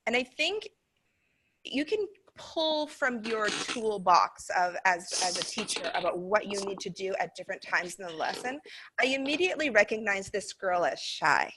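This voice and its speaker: A woman's voice: mid-range voice, expressive, moderate pace, noisy background. An American woman training teachers, explaining casually with fillers as she walks through a class recording. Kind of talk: casual training talk over a video.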